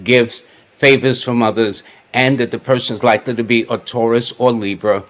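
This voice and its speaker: A man's voice: medium pitch, fairly even intonation, moderate pace. Matter-of-fact man hosting a chat. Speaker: host. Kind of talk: casual interview chat.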